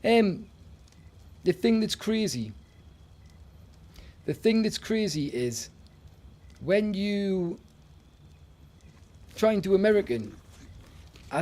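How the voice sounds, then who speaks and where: Chatty Northern English streamer. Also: male voice, high-pitched, expressive, unhurried, pauses often, a little mellow. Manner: chatty, greets viewers, laughs often. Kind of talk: casual live-stream chat.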